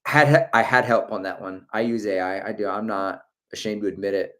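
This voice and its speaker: A middle-aged man hosts a running channel's livestream, reading viewer comments aloud in a chatty, joking manner and laughing often. His voice is lowish and a bit bright, at normal speed.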